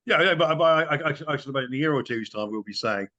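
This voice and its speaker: A man's voice: medium pitch, expressive, racing, pushed and bright, muffled recording. A man as a guest in a casual political chat, indignant and emphatic. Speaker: guest commentator.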